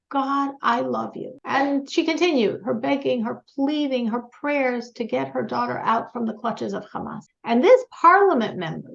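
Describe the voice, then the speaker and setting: A woman's voice: on the high side, vocal fry. A woman teaching a religious class, telling stories earnestly and putting questions to the group. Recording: dull lo-fi sound.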